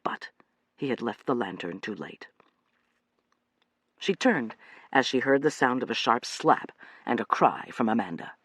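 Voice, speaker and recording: Male audiobook narrator, lively in pitch, dry close sound. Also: a little slow, long pauses, slightly rough, no echo.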